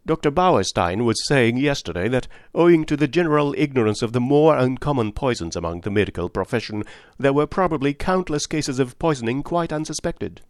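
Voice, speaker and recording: A man's voice: medium pitch, lively intonation, fairly quick, no room sound, clean studio sound, voice pushed up, lightly acted. Man doing a cool, teasing lady.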